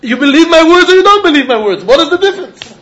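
A man's voice: extremely high pitch, animated, quick pace, fairly bright tone. A man teaching a Talmud lesson, arguing both sides back and forth and often laughing as he explains. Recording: dull lo-fi recording.

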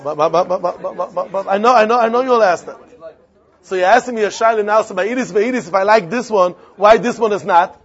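A man's voice: high-pitched, fast talker. A man teaching a Talmud lesson, repeating phrases and posing and answering his own questions. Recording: dull lo-fi recording with faint crowd.

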